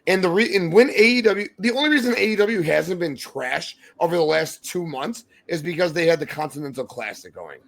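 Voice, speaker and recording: A young man co-hosting a podcast, ranting heatedly with profanity and yelling in exasperation. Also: on the high side, lively intonation, brisk, vocal fry, few pauses. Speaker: podcast co-host.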